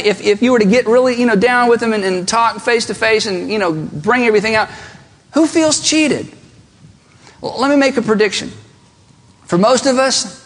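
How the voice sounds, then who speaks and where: A man preaching a sermon, talking emphatically with slow, deliberate stresses and rhetorical questions. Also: high-pitched, a bit bright. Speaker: pastor. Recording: long reverb of a large hall.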